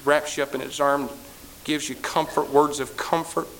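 Male preacher mid-sermon, fervent and repetitive, fairly high voice. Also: level tone, moderate pace, slight background noise, poor audio. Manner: impassioned, repetitive, swelling to loud peaks then dropping low.

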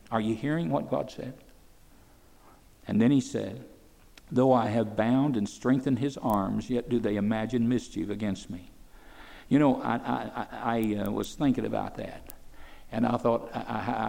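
Gravelly preacher man with fervent questions. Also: medium pitch, warm tone, in a large hall. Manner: preaching with rhetorical questions, rising to fervent peaks. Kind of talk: sermon.

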